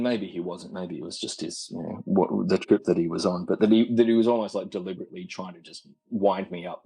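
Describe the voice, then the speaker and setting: Husky low-voiced man, halting. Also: darkish tone, poor audio. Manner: halting, repeats words, laughs wryly. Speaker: caller. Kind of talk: casual storytelling on a call.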